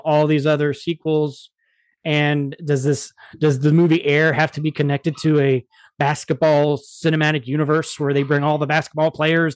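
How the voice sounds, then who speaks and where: A man's voice: a little high, dry recording. A man hosting a casual movie review chat, talking with enthusiasm and often repeating words as he goes. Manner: enthusiastic, frequent word repeats. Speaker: podcast host.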